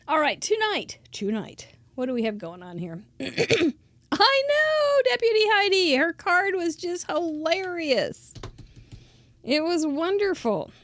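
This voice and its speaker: A woman's voice: high voice, a bit bright, no echo. Chatty woman teaching a card craft. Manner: chatty, digressive, laughs often. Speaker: crafting instructor. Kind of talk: casual craft tutorial.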